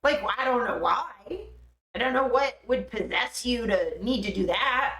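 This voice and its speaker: Bright-voiced young woman streamer, slow easy talk, bouncy pitch, swears a lot and laughs at herself, kinda echoey room. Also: lively intonation, gravelly. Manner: laughing, self-mocking, swears freely. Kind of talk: casual live-stream chat.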